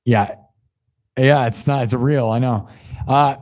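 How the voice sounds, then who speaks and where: A young man chatting on his live stream with a sore throat from hours of yelling, effusive, thanking viewers and swinging between loud hype and quiet asides. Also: mid-range voice, normal speed.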